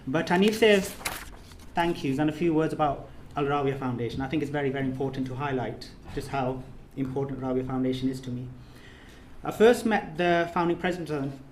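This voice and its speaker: An earnest man gives a heartfelt thank-you speech in a reception room, repeating key phrases as they build. His voice sits fairly high for a man. The room is reverberant, with a faint hum of ambience behind him. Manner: earnest, repetitive, building to emphatic peaks. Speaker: course leader giving a speech. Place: reception room of an official residence.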